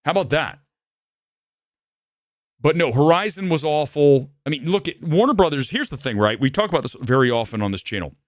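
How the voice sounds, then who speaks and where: A man's voice: on the high side, lively intonation, a little fast, no room sound. Man, furious film reviewer, ranting and repeating himself, dry close sound. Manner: angry, ranting, repetitive. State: shaking with anger. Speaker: movie reviewer. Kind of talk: live film review rant.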